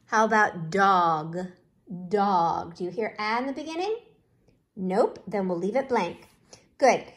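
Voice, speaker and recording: A woman teaching a phonics lesson to young children, sounding out letters slowly and encouragingly. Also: a little high, a bit bright.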